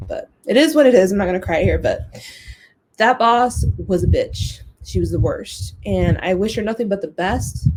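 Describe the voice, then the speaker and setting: A woman hosting her own podcast, animated and candid, telling personal stories and swearing freely. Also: mid-range voice, a little slow, long pauses, a little hiss or hum. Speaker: podcast host. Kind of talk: casual podcast monologue.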